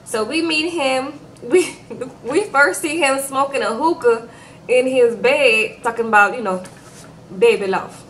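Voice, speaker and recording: A woman's voice: high voice, a little slow, fairly bright tone, a little hiss or hum, rough recording. A woman giving a casual, chatty recap of a reality show, talking straight to her viewers with lots of fillers. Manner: chatty, addresses viewers directly with frequent fillers.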